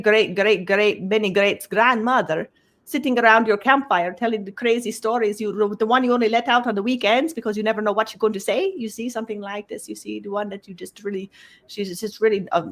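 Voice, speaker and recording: This mid-range female voice channels a spiritual message on behalf of a collective. Words come haltingly and get repeated as she hunts for them, and nearly each phrase closes on one recurring tag question.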